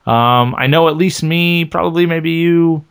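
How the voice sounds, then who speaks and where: Smooth-voiced easygoing male co-host. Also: a little high, a little slow, fairly bright tone. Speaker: podcast co-host. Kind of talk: casual podcast chat.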